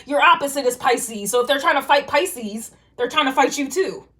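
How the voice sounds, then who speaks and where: A woman's voice: sits high, expressive, moderate pace, noisy background. A woman giving a casual tarot reading to viewers, talking in loose streetwise slang with frequent swearing and rambling restarts. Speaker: tarot reader.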